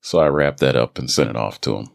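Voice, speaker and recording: A man with an extremely deep, gravelly voice chats loosely on his own podcast. He rambles and restarts his sentences in a relaxed way. He is recorded dry and close on a studio mic in a home booth. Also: quick pace, no room sound. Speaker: voice actor and podcast host. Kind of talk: casual solo podcast chat. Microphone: studio microphone.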